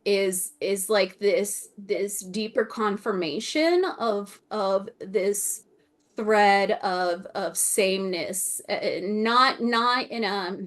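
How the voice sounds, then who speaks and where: A woman's voice: medium pitch, extremely slow, a bit bright. A woman channeling on a video call, searching for words and laughing often, with phrases that repeat and trail off to a whisper. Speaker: Akashic Records channeler. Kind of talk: channeling in a group video meeting.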